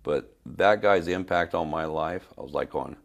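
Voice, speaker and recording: An older man from Spain, a fitness trainer telling stories in an interview, with halting restarts and repeated words. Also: very deep voice, gravelly. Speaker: fitness trainer, podcast guest. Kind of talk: storytelling in an interview.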